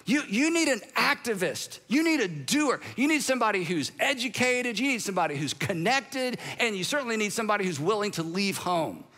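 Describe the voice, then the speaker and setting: A man's voice: high voice, very animated, a little fast, hardly any pauses, sharp tone, exaggerated voice. A man voicing God the Father as an exasperated older boss who lectures his son and keeps asking "okay?". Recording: long hall reverb.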